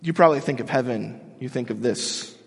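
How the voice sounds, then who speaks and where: A man's voice: mid-range voice, brisk, creaky, breathy edge. A man preaching a sermon in a casual, joking, storytelling way, as the pastor of the congregation. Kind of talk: conversational sermon. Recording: long hall reverb.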